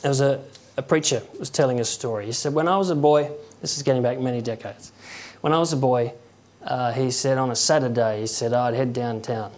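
Man, conversational preacher, halting delivery, acts out stories. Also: mid-range voice, a little mellow. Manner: conversational, halting, with chuckles and acted quotes. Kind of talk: informal sermon.

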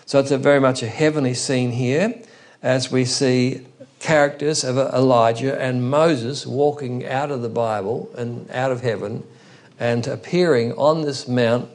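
A man's voice: medium pitch, steady tone, unhurried, a little mellow. A man giving a conversational Bible teaching sermon, often quoting scripture as he explains it. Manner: thoughtful, conversational teaching with frequent scripture quotes. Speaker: preacher.

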